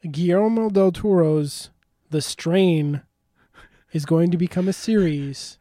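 A man's voice: sits high, slow, warm tone, dry recording. A man co-hosting a casual podcast, reading news items and adding playful interjections. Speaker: podcast co-host.

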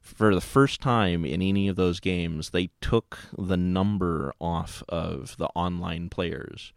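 A man co-hosting a casual radio chat about video games, relaxed and laughing easily. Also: low-pitched, takes it slowly, vocal fry, clean tone, no echo, studio quality. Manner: relaxed, chuckles often, trails off mid-sentence. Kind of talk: casual gaming podcast chat.

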